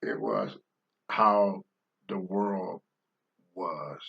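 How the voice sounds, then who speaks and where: Blunt, animated older man preaching. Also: deep voice, drawn-out words, gravelly, dull audio. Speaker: host answering viewer questions. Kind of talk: unscripted talk-show monologue.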